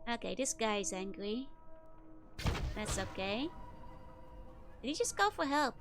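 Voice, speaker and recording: A young woman streaming a game, giggly, casually reassuring herself as she plays. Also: fairly high pitch. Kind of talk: casual gameplay commentary.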